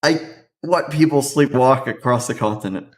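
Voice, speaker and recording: A man's voice: medium pitch, normal speed. A man playing a tabletop game, describing his actions hesitantly with fillers. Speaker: player.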